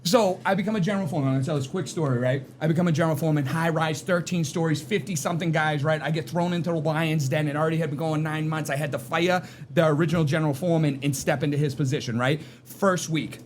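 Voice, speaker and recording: A man, telling a work story in an animated, casual way and tagging his lines with "right?". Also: a little high, fast, few pauses, a little hiss or hum. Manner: animated, tags lines with "right?" and "you know what I mean?". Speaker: podcast guest.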